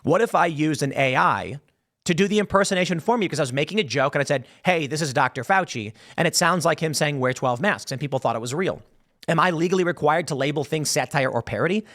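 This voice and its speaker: A man hosting a show, talking through the news in casual, opinionated commentary. His voice sits a little high for a man, and he keeps throwing out rhetorical questions. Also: quick pace, fairly bright tone. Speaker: show host.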